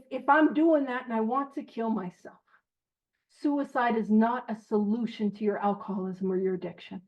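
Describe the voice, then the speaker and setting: Here a woman's mid-range voice comes through with the highs cut off. Leading a recovery book study, she keeps things casual, earnest and chatty, with self-deprecating humor and a habit of drifting into tangents while reading passages aloud to the group.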